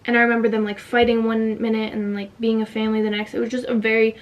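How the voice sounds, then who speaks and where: A woman's voice: a little high, flat delivery, fast, distant mic, highs cut off. A young woman telling a personal story in a casual vlog, emotional and fighting back tears, with many "like" fillers. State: tight throat from holding back tears. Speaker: vlogger.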